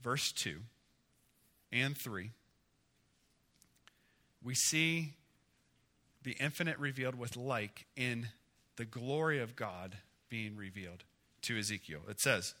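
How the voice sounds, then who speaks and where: A male pastor giving a conversational sermon, asking the congregation questions and growing emphatic and animated. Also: medium pitch, slow pace, pauses often.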